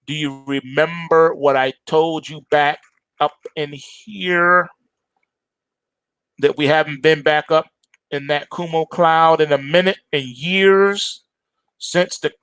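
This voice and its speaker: Hosting a trading show, a middle-aged analyst addresses his viewers head-on with forceful chart commentary that circles back on itself. His voice is a little high, a bit bright and smooth, with no room sound.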